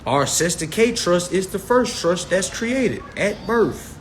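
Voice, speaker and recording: A man's voice: high voice, animated, slow pace, slight background noise. A man hosting a casual livestream, talking straight to his viewers in a loose, swearing manner, recorded on a phone. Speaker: livestream host.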